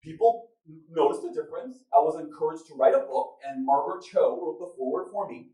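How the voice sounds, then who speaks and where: A man's voice: fairly high pitch, brisk, warm tone, a little hiss or hum. A man hosting a live event before an audience, telling his story with jokes and laughing at his own lines. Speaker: event moderator and host. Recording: echoey room recorded from a distance.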